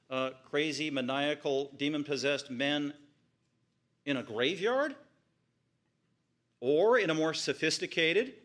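A man preaching a verse-by-verse sermon, retelling the story vividly with piled-up phrases and sudden swings from quiet murmurs to high exclamations. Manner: retells scripture vividly, piling up repeated phrases. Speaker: pastor. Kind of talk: expository sermon.

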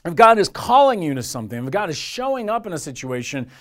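A man's voice: high voice, very animated, fast talker, fairly bright tone. A man preaching a sermon as pastor, in an earnest, conversational way with lots of repetition.

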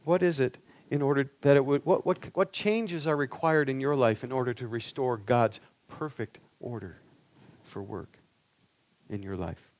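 A man's voice: mid-range voice, normal speed, a little mellow, dry recording. A male preacher giving an earnest sermon, pressing the listeners with rhetorical questions.

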